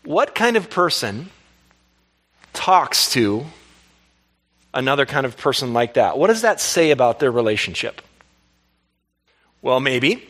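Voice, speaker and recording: A pastor preaching a lively sermon, asking the congregation questions and laughing along. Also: male voice, mid-range voice, measured pace, pauses often.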